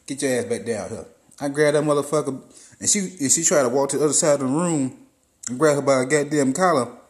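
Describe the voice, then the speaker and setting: A man hosting a podcast, telling a profane comic story in a loose, animated way and acting out what people said. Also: a little high, fast talker. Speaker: podcast host. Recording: roomy echo.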